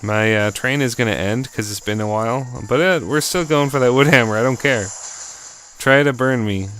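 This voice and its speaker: A man casually commentating his own video game battle in an excitable, chatty, jokey way. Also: medium pitch, moderate pace.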